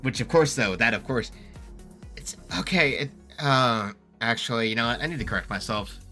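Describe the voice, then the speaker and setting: A man's voice: mid-range voice, normal speed, sharp tone, faint music behind. A young man giving rambling, casual commentary as he ranks songs, full of filler words and the odd swear. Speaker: YouTuber ranking songs.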